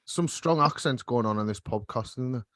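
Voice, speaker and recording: A man's voice: mid-range voice, moderate pace, a bit bright, no room sound. A man hosting a casual podcast chat with cheeky, sweary banter, speaking right into a close microphone. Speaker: podcast host. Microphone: microphone held right up to the mouth.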